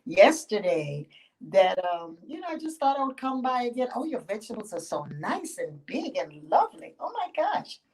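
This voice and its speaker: A woman's voice: mid-range voice, very animated, normal speed, darkish tone, breathy edge, pitched above the performer's own voice, poor audio. A woman voicing a flirtatious goddess who coaxes and sighs sweetly, raising her voice for the part. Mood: coaxing.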